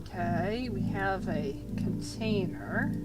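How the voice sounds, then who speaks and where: A woman's voice: medium pitch, slow, loud music behind the voice. A woman casually livestreaming a puzzle game, chatting with viewers and her pets and laughing often. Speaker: streamer.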